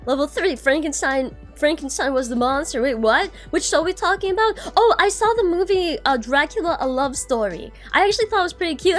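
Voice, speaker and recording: High-voiced bubbly woman streamer. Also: expressive, a little fast, few pauses, soft background music. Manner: bubbly, greets chat by name, swears casually. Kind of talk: casual chat with viewers.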